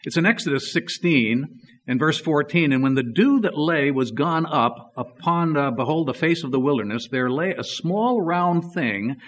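A man's voice: a little high, expressive, moderate pace, a bit bright. A man preaching a sermon in an easygoing, conversational way, telling a story and reading scripture with plenty of fillers.

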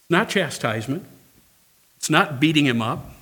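A male pastor preaches with emphatic, repeated phrases. His voice is husky and sits a little high for a man. He calls out for amens from the congregation. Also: animated, normal speed, bright, forceful tone. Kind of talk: sermon.

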